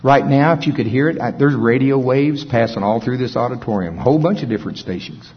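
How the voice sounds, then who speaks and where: A middle-aged male pastor preaching a sermon, folksy and storytelling, with chuckles and hushed dramatic pauses. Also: mid-range voice, slightly rough. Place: large auditorium. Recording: dull, long-reverb hall sound.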